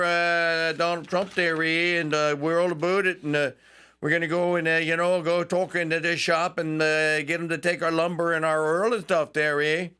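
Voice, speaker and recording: A man's voice: high-pitched, sharp tone, clean tone. A radio host putting on a bumbling mock-Canadian male politician, sing-song and tacking on "eh".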